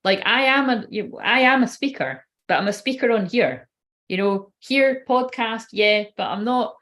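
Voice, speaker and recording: A woman's voice: on the high side, normal speed, a bit bright. A woman, a tarot reader and medium giving a casual, rambling live-stream reading and swearing now and then.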